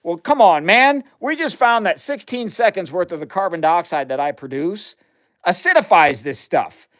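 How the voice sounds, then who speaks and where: A man's voice: sits high, expressive, moderate pace, fairly bright tone. A man hosting a casual chemistry livestream, chatting to viewers as he runs experiments, laughing often. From United States. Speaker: livestream science host. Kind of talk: casual live demo chat.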